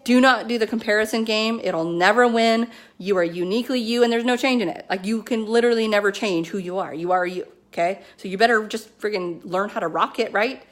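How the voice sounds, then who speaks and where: Chatty, excitable woman giving a pep talk. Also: medium pitch, a little fast. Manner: excited, chatty, heavy on "like" and "you know". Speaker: network marketing team leader. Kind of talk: casual motivational pep talk. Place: at home with her kids nearby.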